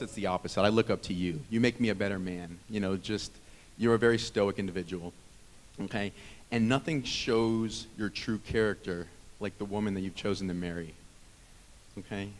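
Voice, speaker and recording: A man in his thirties giving a rambling, heartfelt wedding toast as the groom's brother, teasing himself between warm words. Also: fairly low pitch. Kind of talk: wedding speech. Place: wedding reception hall. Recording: long reverb of a reception hall.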